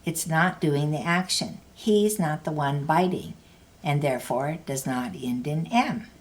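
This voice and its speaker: Slow, low-voiced woman teaching a lesson. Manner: slow, careful explaining. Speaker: language teacher. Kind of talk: scripted lesson narration.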